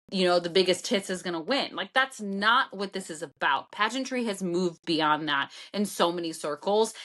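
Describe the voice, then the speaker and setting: A woman's voice: medium pitch, pushed and bright. A woman from the co-hosting a podcast, talking bluntly and emphatically in casual chat and swearing freely. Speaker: podcast co-host.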